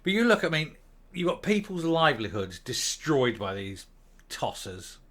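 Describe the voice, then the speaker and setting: A man's voice: a little high, very animated, moderate pace, fairly bright tone. Fired-up man ranting. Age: older. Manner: angry, swearing, emphatic outbursts. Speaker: channel host. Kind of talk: opinion rant to camera.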